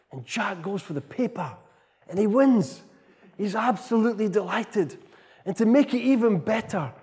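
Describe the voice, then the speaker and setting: Male preacher, middle-aged, light high voice, lively anecdotal sermon, long hall reverb. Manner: animated storytelling, keeps tagging "right?". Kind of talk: storytelling sermon.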